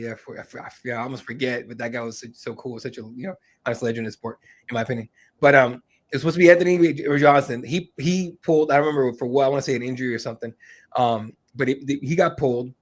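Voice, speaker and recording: A man telling rambling fight stories in a casual podcast chat, full of fillers and swearing. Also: medium pitch. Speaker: MMA reporter, guest.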